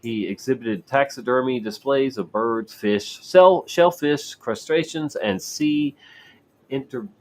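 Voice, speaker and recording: Male host, slow drawl, reads articles aloud, trips on words, sarcastic asides. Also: medium pitch, darkish tone. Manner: stumbling, repeats and restarts words while reading. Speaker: show host. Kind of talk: casual commentary reading news articles aloud.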